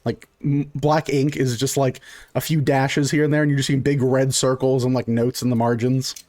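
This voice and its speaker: A man's voice: medium pitch, little pitch movement, normal speed, darkish tone. A man narrating a tabletop role-playing game as game master, in a casual, rambling way.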